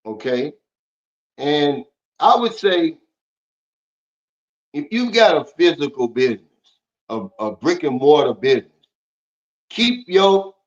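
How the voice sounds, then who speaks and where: Blunt man on a lo-fi livestream. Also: on the high side. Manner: blunt, preachy, reads out viewer comments. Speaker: livestream host. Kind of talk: casual livestream talk.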